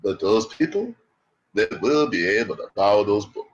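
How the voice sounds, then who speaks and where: A man's voice: fairly low pitch, very animated, moderate pace, muffled recording, slight background noise. A man voicing an eager, shy male helper who fakes a cowboy drawl over a Boston accent, polite and folksy. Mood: earnest. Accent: put-on cowboy drawl over Boston.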